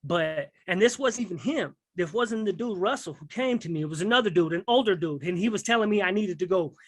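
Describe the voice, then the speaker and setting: This guest recounts prison life in a rambling, slangy street manner, regularly checking in with "you know what I mean." His voice sits high, sounds expressive and fairly bright, and moves fairly quickly on a dry recording.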